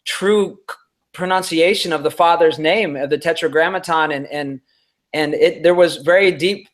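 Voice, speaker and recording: A man with a slightly high voice talks earnestly in conversation. He hesitates often and repeats small words while he gathers his thoughts. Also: normal speed.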